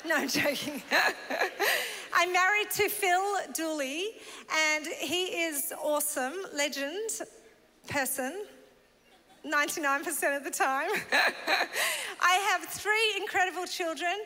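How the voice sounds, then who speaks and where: A woman's voice: extremely high pitch, slow, pauses often, pushed and bright. A woman pastor from Northern Ireland, preaching in a bubbly, laughing, chatty way. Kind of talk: sermon. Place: large church hall. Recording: long church hall reverb.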